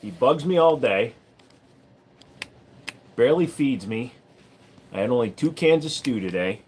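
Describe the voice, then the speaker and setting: A grumbling, put-upon pet dog, as a man puts him on in a near-everyday voice. He whines about being fed too little and pestered all day, with the pitch bouncing up and down as he gripes. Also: lively intonation, unhurried, darkish tone, slight background noise, natural voice. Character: grumpy pet dog complaining about owner.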